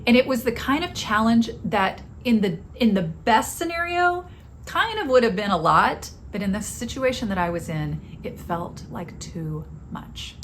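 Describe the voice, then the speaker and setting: A woman's voice: mid-range voice, animated, normal speed, hardly any pauses, fairly bright tone, slight background noise. A middle-aged woman hosting a podcast, telling a personal story in a candid, confessional way. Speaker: podcast host.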